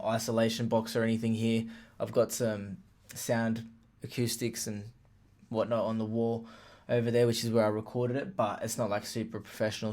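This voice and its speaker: A man casually walking through how he built a hip hop track, plain-spoken and relaxed, with fillers like "like" and "literally". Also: medium pitch. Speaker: music producer explaining a beat. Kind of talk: casual tutorial walkthrough. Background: faint playback of his beat.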